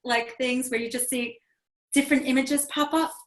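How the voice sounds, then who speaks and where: A woman in her forties with a fairly high voice tells a personal story as an interview guest. She talks earnestly and rambles, with fillers and restarts, in an echoey room. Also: fairly even intonation, normal speed.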